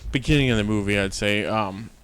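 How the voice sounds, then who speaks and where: A man co-hosting a casual movie review podcast, chatty and quick to laugh as he retells scenes. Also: on the low side, fairly bright tone, clean tone, poor audio. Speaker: podcast co-host.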